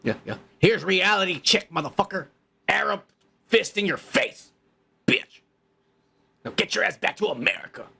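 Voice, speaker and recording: Man, podcast host, gravelly raspy voice, fairly high, angry swearing rant, repeats himself. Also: animated, moderate pace, pauses often, pushed and bright. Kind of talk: profane ranting commentary.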